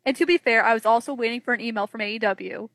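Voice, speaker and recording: An animated young woman with a fairly high voice tells stories on a podcast. She slips into quoted voices of friends and family as she goes. The recording is dry and close. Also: racing, no room sound. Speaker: wrestling journalist guest. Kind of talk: casual podcast storytelling.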